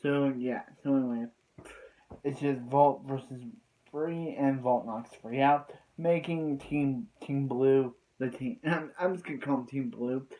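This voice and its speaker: Man, casual episode review, rambling with fillers, soft dark tone. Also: mid-range voice, measured pace, low-quality recording. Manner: rambling, full of "so yeah" fillers. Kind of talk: casual spoken episode recap.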